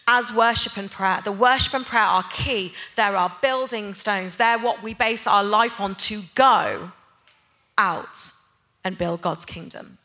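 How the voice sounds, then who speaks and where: A woman preaches to a church gathering in a bright, crisp voice. Her delivery is personal and conversational, and at times it builds into impassioned, emphatic appeals. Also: on the high side. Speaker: church speaker, head of a neighbour-love ministry. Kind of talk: sermon.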